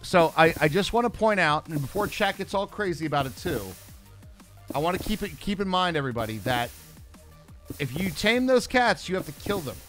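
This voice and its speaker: A man's voice: high-pitched, animated, fairly quick, a bit bright. A man from Pennsylvania co-hosting a game stream, laid-back and joking, thanking viewers. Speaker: streamer co-host. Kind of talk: casual gameplay chat. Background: game music.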